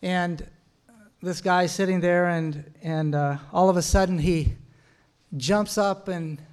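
A middle-aged man with a slightly high voice, teaching couples in a sermon-like way. He tells stories in a lively, chuckling manner and throws in punchy asides. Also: clear, resonant tone. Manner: storytelling with quick laughs, punchy asides. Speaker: Christian marriage teacher.

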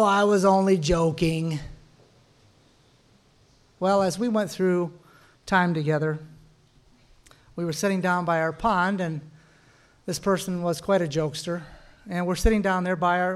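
A middle-aged man with a slightly high voice, teaching couples in a sermon-like way. He tells stories in a lively, chuckling manner and throws in punchy asides. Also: clear, resonant tone. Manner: storytelling with quick laughs, punchy asides. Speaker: Christian marriage teacher.

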